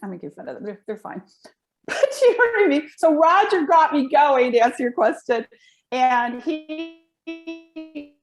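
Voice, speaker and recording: A woman's voice: sits high, measured pace, soft background music. A middle-aged woman, a video and voice coach, telling rambling stories in a casual interview. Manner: animated, rambling storyteller. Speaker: guest, live video and voice coach.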